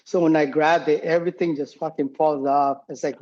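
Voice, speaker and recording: A man's voice: fairly high pitch, fairly even intonation, a little fast, few pauses, a little mellow, dull audio. A man in his forties, a podcast guest and former combat medic, telling war stories in a rambling, profane way and laughing often. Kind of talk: casual war storytelling.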